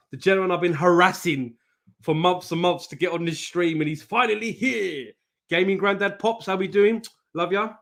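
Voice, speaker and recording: A man hosts a live stream in an easy, matey way. His voice sits a little high for a man. He swears freely, laughs often and greets each viewer by name. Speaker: host of a live trading stream. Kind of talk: casual live-stream chat.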